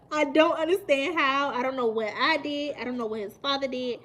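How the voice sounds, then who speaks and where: A woman, chatting casually with viewers on a live stream, animated and emphatic and laughing often. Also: high voice, moderate pace. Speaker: mukbang livestream host.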